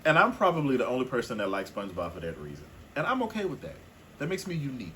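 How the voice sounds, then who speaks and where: A man co-hosting a casual podcast in an easygoing, playful way. His bright voice has a wide, lively pitch range. There is a faint hiss of noise behind him. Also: quick pace. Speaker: podcast co-host. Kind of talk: casual chat.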